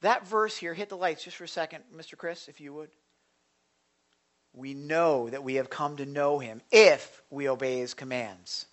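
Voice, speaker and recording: Excitable preacher, quiet to loud. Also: male voice, fairly high pitch, moderate pace. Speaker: pastor. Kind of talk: sermon. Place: church sanctuary.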